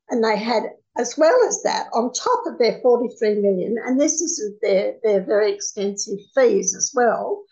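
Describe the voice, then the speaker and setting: A woman's voice: on the high side, a little mellow, poor audio. A woman hosting a community radio talk program, chatty and loose with fillers. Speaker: radio host.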